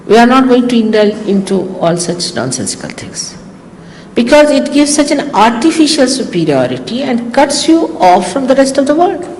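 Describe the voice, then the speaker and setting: Older woman, Indian accent, spiritual teacher, teasing and animated delivery, lively pitch, old hall recording with faint hiss. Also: normal speed. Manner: teasing, animated, acts out quoted exchanges. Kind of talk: informal talk to followers.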